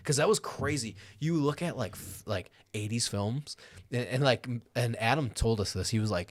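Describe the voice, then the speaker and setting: A man's voice: medium pitch, moderate pace. A man hosting a podcast in casual chat, talking in a loose, rambling way and swearing freely. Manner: animated and profane, swearing freely; loose, rambling delivery full of fillers and acted-out quotes. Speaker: podcast host.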